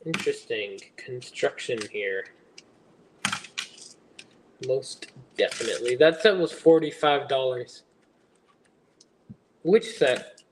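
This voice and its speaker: A man's voice: medium pitch, takes it slowly, long pauses, background noise. A young man hosting a casual livestream while he builds, chatting and rambling as he answers viewers. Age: young adult. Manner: chatty and rambling, reading chat aloud and answering it. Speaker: livestream host.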